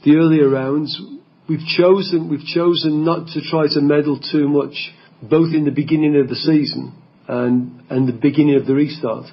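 Husky football coach on a lo-fi clip. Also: male voice, fairly high pitch, level tone, normal speed, few pauses. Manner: thinking aloud, repeating words. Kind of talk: press comments. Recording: lo-fi press clip.

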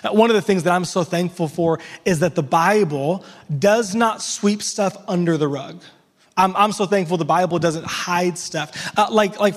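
A man preaching a sermon as pastor, speaking emphatically and mixing in lively everyday asides. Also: high-pitched, long reverb tail.

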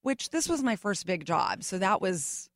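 Middle-aged actress, interview guest: lively anecdotes with acted-out quotes, a touch of fry, dry close sound. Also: female voice, mid-range voice, measured pace, dry recording. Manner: animated storyteller, acts out the people she quotes. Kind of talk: casual interview storytelling.

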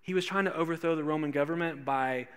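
A man preaching a sermon, telling a funny personal story and acting out the voices in it with lively energy. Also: a little high, fast talker, smooth. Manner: animated storyteller acting out quotes. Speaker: pastor.

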